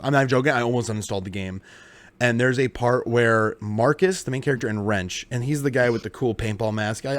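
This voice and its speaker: A man's voice: mid-range voice, no room sound. A man co-hosting a podcast, ranting with lots of swearing in casual chat. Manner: profane, ranting. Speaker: podcast co-host.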